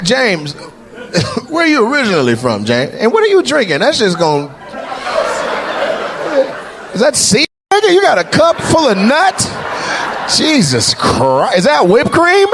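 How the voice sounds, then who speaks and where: A man doing stand-up crowd work on a club stage, teasing audience members with brash remarks that rise to loud shouts. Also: extremely high pitch. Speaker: stand-up comedian. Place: comedy club stage before a live audience. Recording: live club recording with crowd noise. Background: audience laughter and crowd noise.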